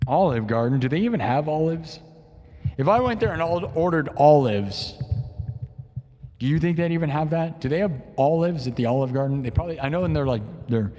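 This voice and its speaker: A livestream host and improvising musician runs a live music stream, rambling and joking through playful rants to his chat. His voice sits on the high side, warm and lively in intonation, moving a little fast, with long reverb on the recording.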